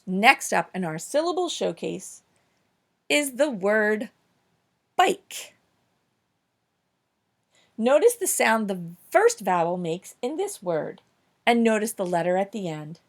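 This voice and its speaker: A woman leads a recorded phonics lesson for young children. She sounds upbeat and encouraging, praising often and slowing down to stress each example word clearly. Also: mid-range voice, sing-song. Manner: upbeat, encouraging, slow clear emphasis on words. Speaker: teacher.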